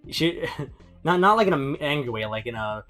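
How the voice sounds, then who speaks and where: A man's voice: fairly high pitch, expressive, normal speed, a bit bright, soft background music. A man chatting casually as co-host, telling a loose rambling anecdote. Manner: rambling, many fillers and restarts. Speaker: podcast co-host. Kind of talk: casual banter.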